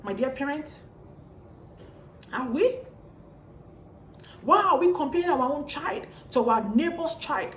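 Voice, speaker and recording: A woman's voice: sits high, animated, slow pace, pauses often, a bit bright, a little hiss or hum. A woman lecturing parents in a vlog, repeating pointed rhetorical questions. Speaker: parenting vlogger. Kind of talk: preachy monologue to parents. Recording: echoey room.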